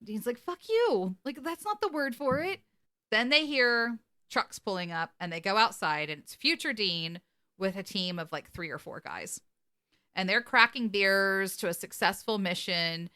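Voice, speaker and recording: Bright-voiced woman co-host, animated casual storyteller. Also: lowish voice. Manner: animated retelling, quoting characters with laughs. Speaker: podcast co-host. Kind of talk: casual episode recap.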